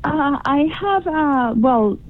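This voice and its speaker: A woman's voice: high-pitched, lively intonation, slow, a little hiss or hum. A woman being interviewed, talking in a casual and hesitant way with lots of fillers and restarts. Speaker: interview guest, adult film performer. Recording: tinny phone line.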